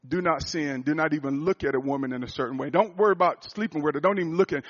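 Male church speaker, sermon testimony, emphatic with hushed stretches, fairly high voice, dull lo-fi sound. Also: quick pace, few pauses. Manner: emphatic preaching, dropping to hushed storytelling.

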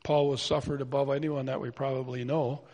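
A man's voice: medium pitch, level tone, fairly quick, warm tone. A man preaching a sermon in an earnest, pleading way, full of rhetorical questions. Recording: long hall reverb.

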